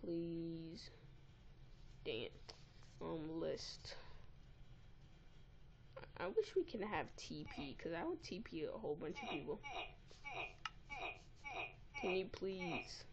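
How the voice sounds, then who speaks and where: A woman giving casual, excitable and easily exasperated commentary while playing a game, recorded on a tablet's built-in mic. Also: fairly low pitch, slow pace, pauses often, crowd noise. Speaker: gameplay recorder.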